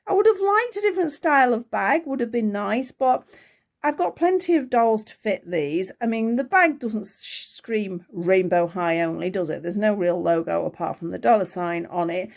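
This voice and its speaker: Medium in pitch and moderate in pace, with a touch of vocal fry, a woman from the UK thinks aloud as she unboxes doll accessories for her toy channel. She's chatty, gasps softly with excitement, and says she's losing her voice.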